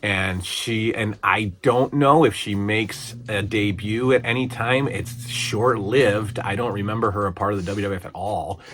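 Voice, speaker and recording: A man's voice: lowish voice, steady tone, measured pace, hardly any pauses, fairly bright tone, slight background noise. A man in his forties casually reviewing an old wrestling broadcast, rambling and chatty with lots of fillers and restarts. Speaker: podcast host reviewing old wrestling shows.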